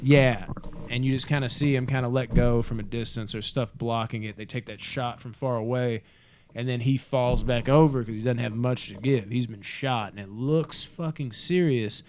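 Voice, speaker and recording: A man co-hosting a podcast, recapping a movie in casual, excited, profane chat. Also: mid-range voice, normal speed, slight background noise. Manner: excited, profane, retells scenes with acted quotes. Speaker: podcast co-host. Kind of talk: casual film discussion.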